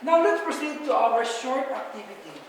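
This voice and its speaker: A woman's voice: a little high, sing-song, moderate pace, a little hiss or hum. A young woman, a student teacher giving a patient, encouraging classroom lesson and repeating key points. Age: young adult. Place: classroom, echoey. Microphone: far camera. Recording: echoey classroom from far off.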